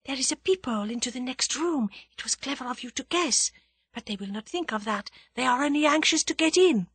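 A woman reading aloud, voicing a quick-witted young maid who talks in hushed, urgent tones and breaks into shrill cries. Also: expressive, dry recording.

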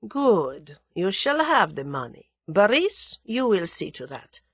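A woman reading aloud, voicing a soft-spoken, sibilant, dangerous conspiracy leader. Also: mid-range voice, sing-song, takes it slowly, breathy edge, no room sound, heavily acted. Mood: cold.

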